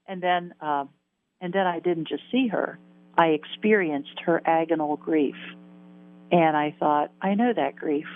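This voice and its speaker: A woman's voice: lowish voice, measured pace. A woman in her sixties, an interview guest, tells a personal story in an earnest, vivid way, repeating phrases for emphasis. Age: 60s. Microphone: telephone. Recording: tinny phone line.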